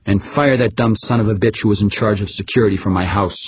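A man's voice: lowish voice, fast, husky, highs cut off. A man reading the lines of a furious, domineering older tycoon who growls and barks orders. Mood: growling. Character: raging powerful older male tycoon.

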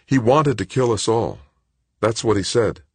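Man doing a young man, numb, subdued, husky, audiobook. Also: fairly low pitch, a little slow, no echo, voice pushed up.

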